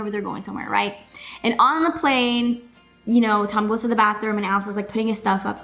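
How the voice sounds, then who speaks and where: A woman's voice: mid-range voice, a bit bright. A woman chatting casually through a TV episode recap, her talk full of "like" and "you know" fillers. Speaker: vlogger reviewing a TV episode.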